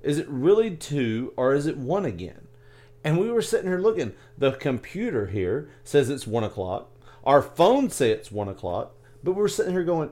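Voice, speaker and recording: A man co-hosting a podcast in casual chat, joking around and quick to laugh. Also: on the high side, very animated, a little mellow. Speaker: podcast co-host.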